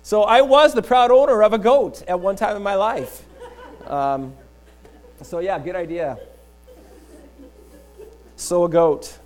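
Animated, higher-voiced male pastor. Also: slow pace, long pauses. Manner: animated storyteller, often laughing. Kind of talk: sermon with a humorous story.

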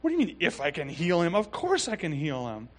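A man's voice: on the high side, huge pitch swings, a little fast. A man voicing Jesus as exasperated and incredulous, scolding small thinkers with rising emphasis.

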